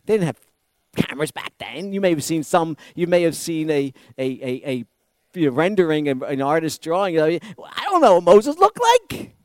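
A man with a high voice preaches a sermon with a lot of energy. He acts out the people he quotes and laughs often. The sound is dry and close. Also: very animated, moderate pace, a little mellow, no echo. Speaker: pastor.

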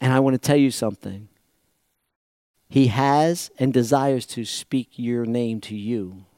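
A man preaching a sermon dramatically, swinging from loud exclamations to hushed, reflective passages. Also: mid-range voice, unhurried, no room sound, clean studio sound.

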